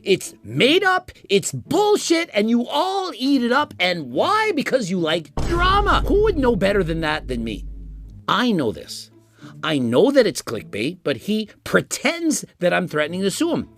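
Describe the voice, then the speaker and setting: A man's voice: high-pitched, a little slow. A fitness YouTuber, a man, ranting defensively and insistently in a vlog. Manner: animated, indignant, insistent.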